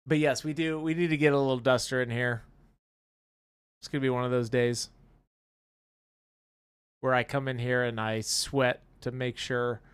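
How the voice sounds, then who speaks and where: A man's voice: mid-range voice, a bit bright, smooth. A man co-hosting a hobby live stream, reading viewer comments aloud and laughing easily. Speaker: co-host reading chat questions. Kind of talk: casual live-stream chat.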